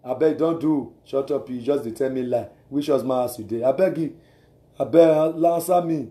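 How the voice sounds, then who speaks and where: A man's voice: mid-range voice, normal speed, dark tone, close to an everyday voice. A man doing a scolding Nigerian brother. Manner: scolding, insistent. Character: irritated man scolding a lying woman.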